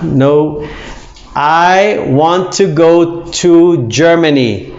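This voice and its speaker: A man teaching English pronunciation, repeating each word slowly with exaggerated emphasis. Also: fairly high pitch, darkish tone. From United States. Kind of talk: pronunciation lesson. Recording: echoey room, slightly dull sound.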